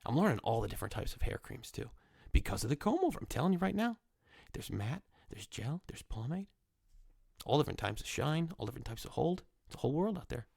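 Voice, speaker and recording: A young man with a cold telling a rambling comic story, full of fillers, sometimes jumping into squeaky voices for the people he quotes. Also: sing-song, fast, vocal fry, a little mellow, breathy edge, dry recording, clean studio sound. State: nasal from a cold. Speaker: comedy podcast host.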